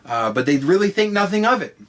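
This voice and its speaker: A man hosting a podcast, telling a story comedically with heavy swearing, jumping between hushed lines and shouting. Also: sits high, quick pace. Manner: profane, excitable, swings between hushed and shouting. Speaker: podcast host.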